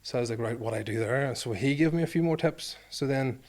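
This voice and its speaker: A man's voice: mid-range voice, fast, darkish tone. A Northern Irish man in his forties, a former rugby player telling stories in an interview in a self-deprecating way, acting out the things people said. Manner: self-deprecating, acts out quoted exchanges. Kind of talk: storytelling interview.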